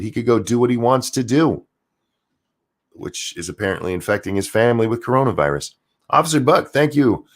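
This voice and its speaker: A man hosting a livestream, ranting profanely and sarcastically while reading chat comments. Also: lowish voice. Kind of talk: political rant livestream.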